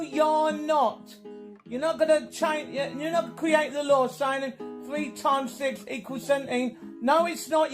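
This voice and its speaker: High-pitched man, halting and repetitive, begging and apologizing; distant mic in a roomy space with faint music behind. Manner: begging, loops phrases, shouts apologies. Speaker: internet personality in archive clips. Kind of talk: rambling pleading video messages.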